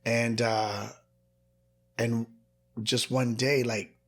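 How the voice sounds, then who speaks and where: A man's voice: mid-range voice, flat delivery, very slow. Earnest Southern man telling his story. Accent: Southern American. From rural American South. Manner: earnest, acts out quoted voices when retelling. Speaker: author and guest. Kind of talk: personal storytelling in conversation.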